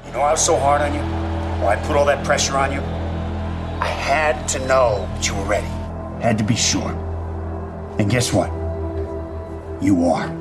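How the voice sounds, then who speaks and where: An actor playing a football coach who gives a firm, encouraging pep talk in a film scene. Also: male voice, mid-range voice, moderate pace, pauses often, close to an everyday voice. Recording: film clip with loud music.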